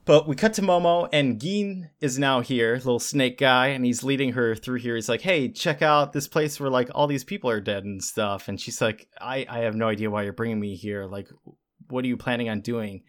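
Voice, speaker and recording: A man's voice: medium pitch, normal speed. A man co-hosting a podcast, chatting casually and acting out character lines as he recaps an anime. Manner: animated, acts out character lines while recapping. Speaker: podcast co-host. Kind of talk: casual chat.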